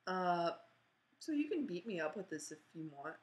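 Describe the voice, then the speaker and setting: A woman's voice: fairly low pitch, very animated, moderate pace, rough recording. A woman rambling through an awkward, self-mocking apology video at home, recorded on her computer. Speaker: vlogger. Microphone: computer mic.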